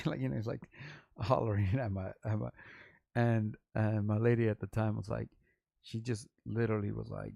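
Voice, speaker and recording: A middle-aged man with a gravelly, creaky edge to his voice tells a meandering story in loose vlog style. He curses freely, circles back, and repeats lines as he retells the story. The sound is close and dry, with no room around it. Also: fairly low pitch, moderate pace, dry recording. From Los Angeles. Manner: rambling, profane, animated retelling with repeats. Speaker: vlog host, underground rapper. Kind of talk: casual storytelling.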